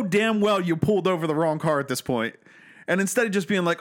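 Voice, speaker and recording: A man's voice: sits high, a little fast. A man co-hosting a podcast, telling a story in casual chat, indignant and profane. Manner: lively, indignant storytelling full of swearing. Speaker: podcast co-host.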